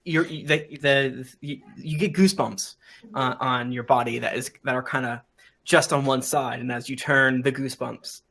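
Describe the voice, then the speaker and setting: A man's voice: mid-range voice, steady tone, normal speed, gravelly, a bit bright. A man narrating as game master of a live-streamed tabletop game, in a rambling way with many fillers.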